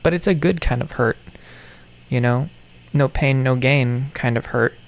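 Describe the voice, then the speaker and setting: A man with an ordinary mid-range voice talks in a meandering vlog monologue. He jokes in a mock-villain way, repeats words, and drops into quiet mumbles. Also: medium pitch, a little slow, creaky. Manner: playfully menacing, meandering, self-mocking villain talk. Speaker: toy vlogger.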